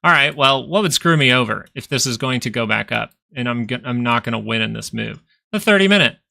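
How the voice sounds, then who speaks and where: Gravelly and sharp, this medium-pitched voice belongs to a man hosting a live stock stream, speaking a little fast with fairly even intonation. He thinks aloud as he walks through charts, casually repeating phrases for emphasis, and the recording is dry.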